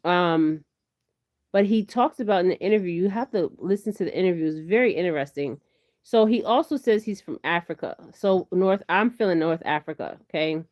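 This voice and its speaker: A woman's voice: lowish voice, normal speed, a little mellow. A woman doing a casual tarot reading on camera, chatting in a rambling way and often checking in with "okay?". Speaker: tarot reader. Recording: slightly dull lo-fi audio.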